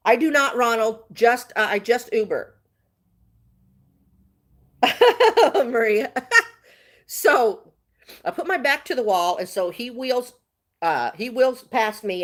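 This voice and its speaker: Chatty woman telling a story. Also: a little high. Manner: chatty, animated, laughs often. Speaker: vlogger. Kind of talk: casual storytelling livestream.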